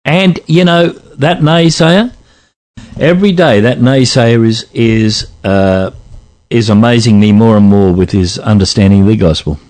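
A man's voice: mid-range voice, fairly even intonation, a little slow, a little mellow. A man co-hosting a radio show, prompting his partner with curious questions. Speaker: radio co-host. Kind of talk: conversational interview.

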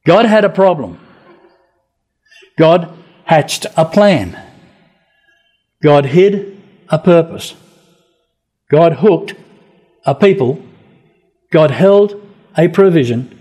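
Male preacher, slightly higher voice, mellow tone, animated sermon storytelling. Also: very slow, long pauses, breathy edge.

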